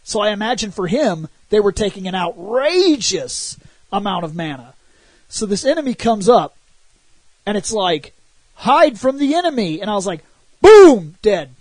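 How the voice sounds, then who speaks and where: On a relaxed gaming podcast, a co-host whose voice sits high talks at a moderate pace in a dry recording with no room sound. He's an animated storyteller who plays out quotes and swears freely.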